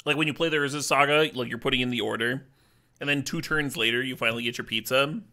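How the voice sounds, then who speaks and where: A man streaming a card game draft, talking casually in a playful, joking way and swearing when excited. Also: medium pitch, fast.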